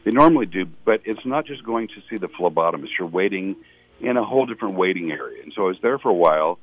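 A male comedian telling a wry, deadpan story as a radio guest. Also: deep voice, fast talker, dry recording, soft background music. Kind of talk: casual anecdote on radio. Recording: dull lo-fi radio sound.

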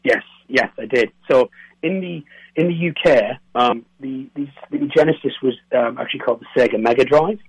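A man from near Newcastle with a softened northern English accent, a film director answering interview questions in a hesitant way, repeating words and laughing often. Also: medium pitch, moderate pace, husky, no echo, poor audio. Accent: northern English, softened toward standard. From northern England, near Newcastle. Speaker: film director and co-writer, guest.

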